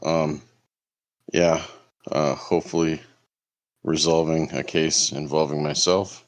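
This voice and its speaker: Very deep-voiced, deadpan man. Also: slow. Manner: terse, deadpan interjections. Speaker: lawyer guest. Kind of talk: casual podcast chat.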